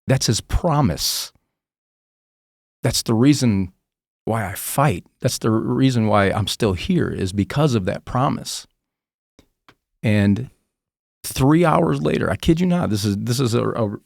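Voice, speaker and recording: Deep gravelly man sharing testimony. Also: unhurried, a little mellow, dry recording, studio quality. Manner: earnest, raw and emotional. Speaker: podcast guest. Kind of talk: personal testimony.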